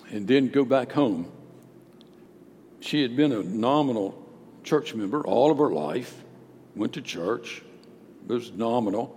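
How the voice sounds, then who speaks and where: Animated preacher in a reverberant hall. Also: male voice, medium pitch. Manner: emphatic preaching, swinging from loud declarations to hushed storytelling. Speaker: pastor. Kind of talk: sermon. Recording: long hall reverb with faint background noise.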